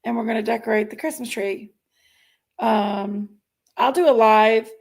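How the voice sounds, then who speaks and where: A woman's voice: a little high, a little slow, darkish tone. A woman hosting a casual livestream, chatting and greeting viewers by name as she reads their comments. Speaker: livestream host reading chat.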